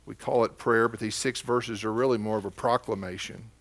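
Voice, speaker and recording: A man's voice: on the low side, steady tone, fairly quick, a bit bright. A man with an Oklahoma accent preaching a sermon as pastor, telling stories in a folksy, conversational way.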